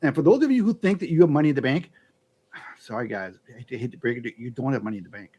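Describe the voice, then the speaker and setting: A man's voice: medium pitch, expressive, racing, warm tone, breathy edge, lo-fi sound. A man talking in a casual podcast chat, often restarting his sentences with fillers before making emphatic points. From United States. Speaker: YouTube channel host.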